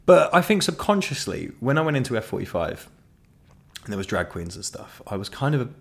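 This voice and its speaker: A man's voice: mid-range voice, very animated, a little fast, vocal fry. A young man talking casually and frankly, swearing often and rambling with restarts as he shares his thoughts. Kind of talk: casual monologue.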